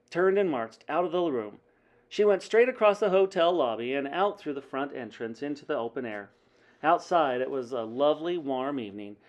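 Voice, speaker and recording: A man reading a children's book aloud in a dramatic, animated way, like a teacher at story time. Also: medium pitch, muffled recording.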